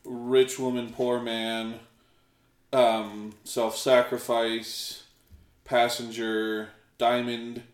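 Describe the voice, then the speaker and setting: A podcast co-host reading out keyword lists in a casual game, pausing often with ums. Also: mid-range voice, level tone, roomy sound.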